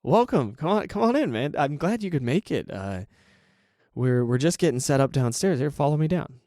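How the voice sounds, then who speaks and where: Male narrator putting on an excitable host-friend, pitched up and bouncy, eager to welcome. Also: no room sound, clean studio sound, lightly acted. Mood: welcoming. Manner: upbeat and quick, repeating himself. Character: friendly, eager young man welcoming a guest.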